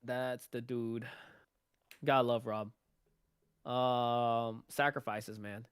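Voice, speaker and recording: Young man, podcast co-host, mid-pitched voice, teasing, storytelling, casual. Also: fairly even intonation, takes it slowly, clear, resonant tone, no room sound. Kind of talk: casual chat.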